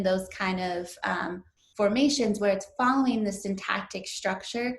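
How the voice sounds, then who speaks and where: Young female instructor, relaxed lecture delivery, frequent fillers, roomy echoey sound. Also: mid-range voice, a little slow, creaky. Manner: casual, lots of fillers like um and like. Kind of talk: recorded online lecture.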